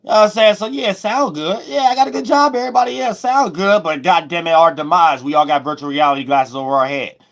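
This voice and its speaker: A man giving a loose, rambling spiritual astrology monologue, repeating himself and breaking into sudden loud, high shouts. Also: fairly quick, few pauses. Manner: loose, preachy, repeats "you know what I'm saying", bursts into loud high shouts.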